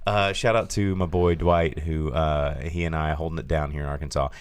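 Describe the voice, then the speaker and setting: A man with a Southern US accent, co-hosting a podcast, telling lively stories in a casual way and swearing now and then. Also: a bass voice, normal speed, clear, resonant tone. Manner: animated storyteller, swears casually. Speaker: podcast co-host. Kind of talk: casual chat.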